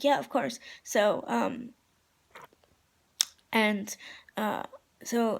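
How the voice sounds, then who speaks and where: A young woman telling a gushing, excitable story in a casual vlog, full of fillers. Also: on the high side, vocal fry. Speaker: vlogger.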